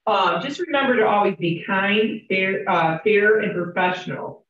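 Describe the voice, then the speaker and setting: A woman's voice: mid-range voice, animated, normal speed, fairly bright tone. A woman teaching real estate agents, chatty and candid, telling stories and asking the class questions. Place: training room with a group. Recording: roomy, distant, dull classroom recording.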